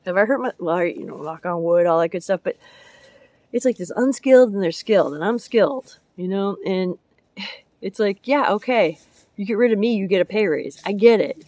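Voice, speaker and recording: A woman with a mid-range, slightly mellow voice speaks expressively at a normal pace. Her casual, rambling vlog covers her chickens and her work driving dump trucks for public works, and she's chatty, jumps around topics, and laughs a lot.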